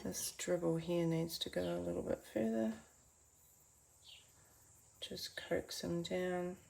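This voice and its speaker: Slow, gravelly-voiced woman teaching painting. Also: lowish voice. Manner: chatty and encouraging, talks to viewers as guys. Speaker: art teacher. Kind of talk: painting tutorial. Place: home art studio.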